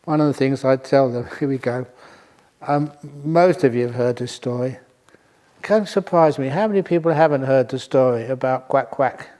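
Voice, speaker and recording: A man's voice: medium pitch, moderate pace, warm tone. An older man, a monk, giving a dharma talk to a retreat audience, telling a humorous story and often chuckling. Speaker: monk teacher.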